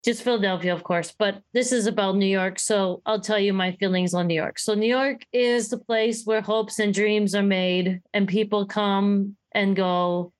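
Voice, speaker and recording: A woman co-hosting a podcast in casual chat, animated and acting out quoted voices as she talks. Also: mid-range voice, moderate pace, hardly any pauses. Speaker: podcast co-host.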